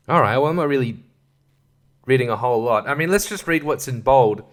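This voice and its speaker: A man's voice: mid-range voice, animated, fairly quick. An Australian man hosting a podcast, giving a sarcastic comedic monologue and chuckling between jokes. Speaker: podcast host.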